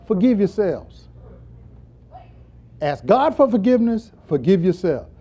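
A man preaching a sermon, moving between quiet asides and impassioned high calls. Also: sing-song, measured pace, slightly rough.

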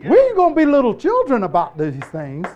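A man preaching a sermon in an animated, emphatic style, repeating lines and moving between loud and hushed delivery. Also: extremely high pitch, brisk, highs cut off. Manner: repetitive, emphatic call-and-response delivery.

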